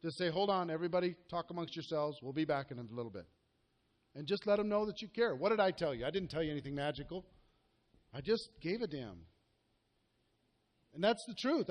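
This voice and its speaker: A man with a high voice gives a live coaching talk to a group. He speaks earnestly and directly and keeps checking in with the room through questions. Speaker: network marketing coach.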